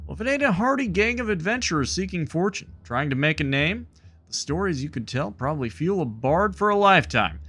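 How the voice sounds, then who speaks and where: A man's voice: a little high, very animated, brisk, a bit bright, breathy edge, pitched above the performer's own voice, heavily acted. A man voicing a nervous, earnest young male bard while reading game dialogue aloud. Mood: earnest, wistful. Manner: reads the bard's lines aloud in his own voice.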